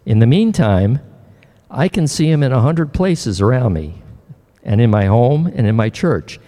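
An older man preaching a sermon as pastor, earnest and emotional, often pausing and restarting his words. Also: mid-range voice, lively intonation, mellow, in a large hall.

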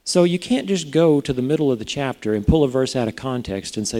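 Mellow-voiced pastor with a lively delivery. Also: male voice, mid-range voice, a little fast. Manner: conversational, asks the congregation rhetorical questions. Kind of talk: sermon.

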